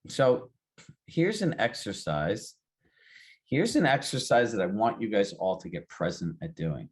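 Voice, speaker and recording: Animated man coaching a group. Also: fairly low pitch, unhurried. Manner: emphatic, fires rhetorical questions at the group; calls on participants by name. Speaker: real estate coach. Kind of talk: live group coaching session.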